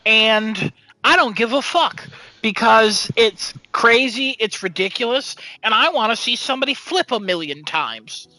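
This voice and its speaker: A man co-hosting a podcast in casual chat, animated and profane, laughing often. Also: sits high, unhurried, no echo, low-quality recording. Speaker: podcast co-host.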